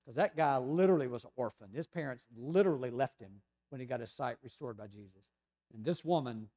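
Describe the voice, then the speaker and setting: A man from the United States preaching a sermon in a conversational storytelling way, sometimes dropping to a soft, hushed voice. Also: mid-range voice. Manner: conversational storytelling, acting out voices of people in the scripture passage; drops to a soft, hushed voice in tender passages. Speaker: pastor.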